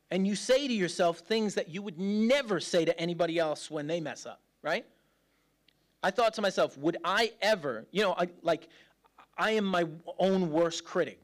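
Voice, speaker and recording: A man delivering a sermon in a loose, conversational way. He jokes at his own expense and laughs along with the congregation. His voice sits a little high for a man. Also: fairly bright tone. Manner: casual, joking and self-deprecating preaching, laughing often. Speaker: pastor.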